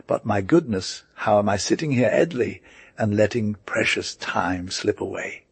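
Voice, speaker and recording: A man voicing a grief-stricken, remorseful older stepmother in an audiobook, in a low, dry voice. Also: a little slow, gravelly, husky, no room sound, heavily acted. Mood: urgent. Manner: emotional, pleading. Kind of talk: audiobook character reading.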